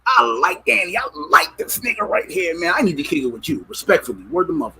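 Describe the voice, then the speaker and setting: A man's voice: high-pitched, sing-song, quick pace, bright, forceful tone, rough recording. A man co-hosting a casual radio talk show, brash and joking, swearing freely.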